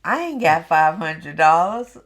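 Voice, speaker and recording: A middle-aged woman telling family stories in a documentary interview, in an unhurried, heartfelt way. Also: low voice, animated. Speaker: interviewee, sister.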